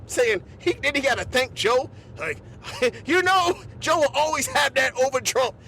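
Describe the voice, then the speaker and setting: A man hosting a podcast, delivering an animated comedic monologue full of laughs and repeated asides. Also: very high voice, unhurried, creaky, slight background noise. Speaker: podcast host.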